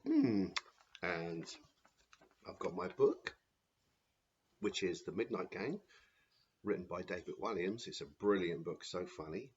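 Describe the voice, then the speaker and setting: A man's voice: low-pitched, very animated, unhurried, pauses often, a little mellow, dull audio, a little hiss or hum. A man hosting a children's story time, chatting in a friendly way before reading aloud.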